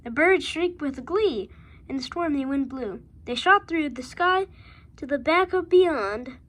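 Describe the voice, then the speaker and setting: A woman reading a rhyming picture book aloud with a steady rhythm. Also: high voice, measured pace. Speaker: reader.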